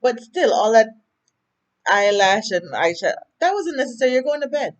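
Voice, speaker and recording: An expressive, higher-pitched woman with a Jamaican accent talks at normal speed, recapping a TV episode for her vlog. Rambling and chatty, she keeps veering off on tangents and dramatizes the characters' lines.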